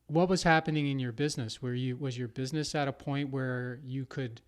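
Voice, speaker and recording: A man's voice: mid-range voice, steady tone, a little fast. A man hosting a podcast, asking clarifying questions and giving short affirmations. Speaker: podcast host. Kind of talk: casual interview talk.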